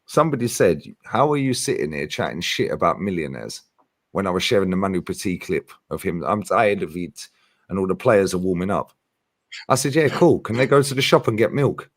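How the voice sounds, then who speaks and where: A man in casual chat, animated, swearing and saying "bro" and "yeah" often. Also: lowish voice.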